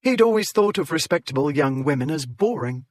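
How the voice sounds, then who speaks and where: A man reading a historical romance audiobook in a measured storytelling voice, raising his pitch to voice the characters. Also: lively intonation. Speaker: audiobook narrator. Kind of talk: scripted narration.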